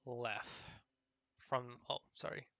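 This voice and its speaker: A man's voice: medium pitch, fairly even intonation, slow, gravelly, bright, forceful tone, highs cut off. A man playing a text adventure game, reading the story aloud and muttering comments to himself as he plays. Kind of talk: let's play commentary and read-aloud narration.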